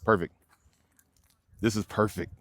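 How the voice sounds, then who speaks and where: A man's voice: lowish voice, fairly even intonation, unhurried, dry recording, clean studio sound. A young man, a dog trainer, explaining leash work casually outdoors and addressing viewers as y'all. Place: outdoors by a fence near many dogs.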